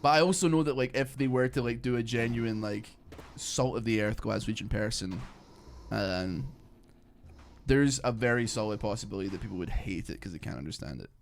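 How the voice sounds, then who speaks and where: A man's voice: lowish voice, fairly quick, creaky, slight background noise. A man streaming a video game, chatting casually in a rambling way with lots of fillers. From Scotland. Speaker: gaming streamer. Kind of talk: casual gameplay commentary.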